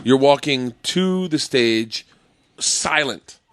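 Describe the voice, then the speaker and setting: A man guesting on a podcast, telling anecdotes in an animated way and acting out the other people in them. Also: mid-range voice, takes it slowly, background noise. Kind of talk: casual chat.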